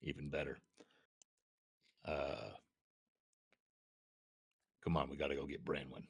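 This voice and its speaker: A man taking part as a player in a tabletop game, casually describing his character's actions in a halting way. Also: very deep voice, flat delivery, vocal fry, husky. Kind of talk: tabletop role-play chat.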